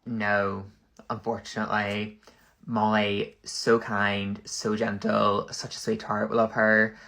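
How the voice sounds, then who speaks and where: A man, rambling through a casual comedic monologue full of "like" and quick backtracking. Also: on the low side, monotone, creaky, sharp tone. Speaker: content creator.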